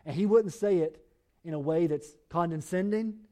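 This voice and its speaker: A man delivers an urgent sermon in a church, turning often to speak straight to his congregation. His voice sits a little high yet sounds warm and mellow. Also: moderate pace. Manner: urgent, exhorting, direct address to the congregation. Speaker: pastor.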